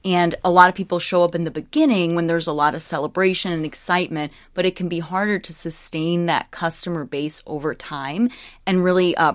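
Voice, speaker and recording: A woman asks questions in a friendly, encouraging way, with a lowish voice. Her tone is warm toward her guest as she interviews. The sound is dry and close to the mic. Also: dry recording. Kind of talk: interview conversation.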